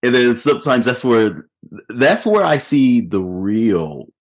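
A man's voice: mid-range voice, big pitch swings, slow. A man hosting a podcast in a casual, laid-back chat, chuckling often and talking with lots of fillers. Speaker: podcast host.

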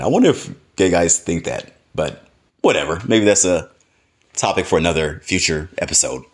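A man's voice: medium pitch, sing-song, normal speed. A man hosting a podcast, telling a story casually, laughing often and swearing freely. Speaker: podcast host.

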